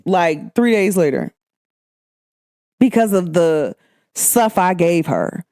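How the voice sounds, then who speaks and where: A young woman from Cincinnati, Ohio, USA, with a Midwestern accent, delivers a candid, emphatic, slang-filled casual monologue as a podcast host. Her mellow voice sits on the low side, with lively intonation, and she takes her time. The recording is dry and clean, with studio sound.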